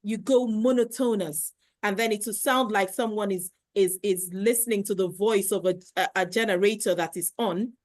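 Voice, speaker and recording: A woman's voice: medium pitch, moderate pace, hardly any pauses, no echo. A woman who coaches speaking, explaining things carefully in conversation and repeating her key points. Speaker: guest, speech coach.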